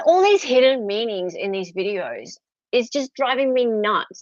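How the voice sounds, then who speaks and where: Australian female host, casual live chat, bright-ish high voice, dull dry recording. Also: measured pace, no room sound. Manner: chatty, animated, laughs often.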